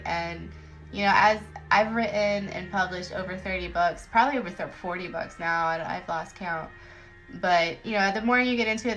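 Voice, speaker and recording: A woman's voice: medium pitch, fairly bright tone, rough recording. A woman author chatting casually with viewers on a phone livestream, rambling and giggly, often joking about herself.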